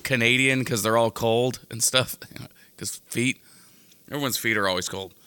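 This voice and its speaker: A man's voice: mid-range voice, normal speed, sharp tone, clean tone. A man co-hosting a podcast in casual comedic banter, rambling and cutting himself off on jokey tangents. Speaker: podcast co-host.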